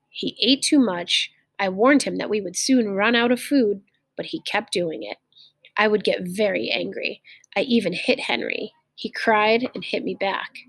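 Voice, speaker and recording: A woman reading a simplified story aloud, pausing to explain harder phrases in plain words. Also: mid-range voice, creaky, breathy edge, no echo.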